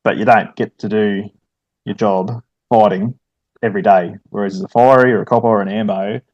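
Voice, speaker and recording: Laid-back Australian man, flat low voice. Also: fairly quick, dry recording, muffled recording. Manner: laid-back, many fillers, says "mate" often. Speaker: guest, firefighter and army veteran. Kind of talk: casual podcast chat.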